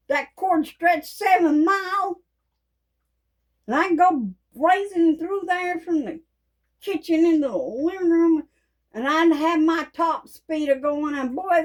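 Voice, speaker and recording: A woman, telling folksy stories in a casual, animated way and laughing often. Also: high-pitched, low-quality recording. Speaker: Christian vlogger. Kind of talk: casual storytelling monologue.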